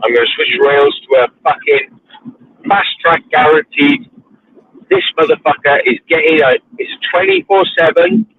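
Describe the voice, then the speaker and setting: A man's voice: fairly high pitch, wildly swooping pitch, moderate pace. A man, ranting in casual chat while driving his car, swearing freely. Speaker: livestream host. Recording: tinny phone line.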